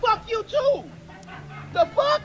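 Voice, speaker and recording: A man in a street confrontation, defiant and shouting, swearing as he tells others not to touch him. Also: very high-pitched, animated, takes it slowly, muffled recording. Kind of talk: confrontation filmed on a phone.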